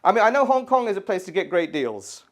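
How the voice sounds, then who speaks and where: Middle-aged stand-up: exasperated, sweary, with a very animated pitch. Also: male voice, quick pace. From England. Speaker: stand-up comedian. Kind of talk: stand-up comedy set. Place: art gallery stage, live audience.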